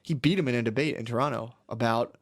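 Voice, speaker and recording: Male comedy podcast co-host, mid-pitch voice, rambling and profane, laughs easily. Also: fast talker. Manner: rambling, profane, laughs often, slips into mocking impressions. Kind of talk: casual comedic chat.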